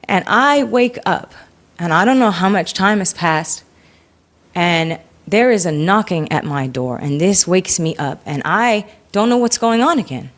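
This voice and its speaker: A woman being interviewed candidly recounts a painful personal experience, retelling it emotionally and with animation. Her voice is fairly low and a little slow.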